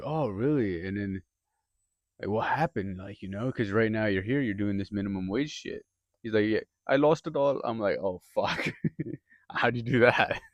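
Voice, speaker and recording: A man's voice: on the low side, no room sound. A young man rambling through a profane, casual monologue, full of filler words and restarts. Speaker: podcaster.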